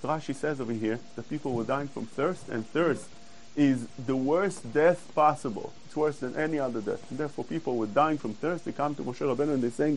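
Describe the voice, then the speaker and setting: A man giving a Torah class, explaining verses earnestly and quoting Hebrew quickly. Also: mid-range voice, slight background noise, poor audio. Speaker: Torah teacher.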